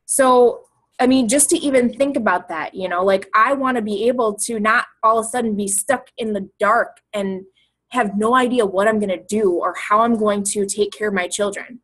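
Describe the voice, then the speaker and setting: A woman's voice: mid-range voice, moderate pace, a bit bright, rough recording. Woman, young adult, coach, casual motivational talk, rambling, emotional.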